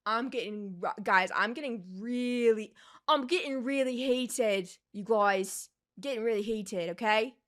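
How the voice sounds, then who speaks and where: A woman's voice: on the high side, a little slow, a bit bright. A young woman hosting a reaction video, ranting in a heated, profane way and addressing the character directly, worked up and sweating. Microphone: desk microphone.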